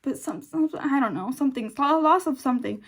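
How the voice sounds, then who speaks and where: A woman's voice: high voice, animated, fairly quick. A young woman vlogger chatting casually and emotionally about a TV episode, rambling with many fillers and restarts, close to tears. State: on the verge of tears. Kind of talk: casual chat.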